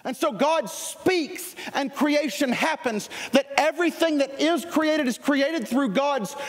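Male pastor, sermon, high voice, lively and chatty, long hall reverb. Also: takes it slowly. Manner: energetic, conversational, with frequent restarts.

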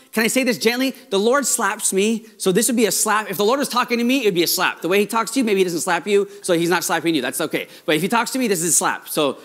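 A male pastor delivering a Sunday sermon, with a light, high-pitched voice. He gets excited and rushes ahead, restarting phrases as he goes. His delivery is informal and earnest. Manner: excitable, talks fast when excited, frequent restarts.

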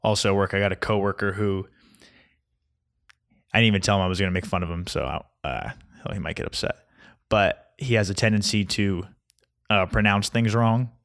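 A man's voice: lowish voice, moderate pace, long pauses, a bit bright. A young man ranting in a casual comedic monologue, grumpy and mocking. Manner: grumpy, ranting, mocks mispronunciations.

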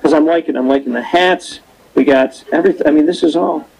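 A young man hosting a casual interview show, telling stories with animated quoting. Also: fairly high pitch, quick pace, creaky, husky, poor audio. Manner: lively storyteller, animated quoting. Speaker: show host. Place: cold rink-side spot, outdoors or arena.

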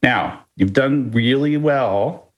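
A man co-hosting a podcast, chatting casually and telling stories in a playful, lively way with chuckles. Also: mid-range voice, slow, lo-fi sound. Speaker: podcast co-host.

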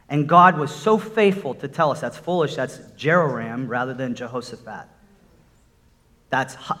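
A man's voice: medium pitch, a bit bright. A middle-aged man preaching a sermon, telling a personal testimony in an earnest storytelling way that builds into emphatic exhortation.

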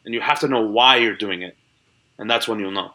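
Bright-voiced young man rambling casually. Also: fairly low pitch, a little fast. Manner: rambling, many likes and restarts. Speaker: guest, online comedian. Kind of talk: casual interview chat.

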